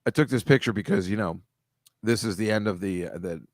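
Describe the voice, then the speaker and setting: A man's voice: lowish voice, fairly quick, no echo, studio quality. A man hosting a casual video-call chat over shared slides, rambling, wry and mocking, swearing freely. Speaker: host.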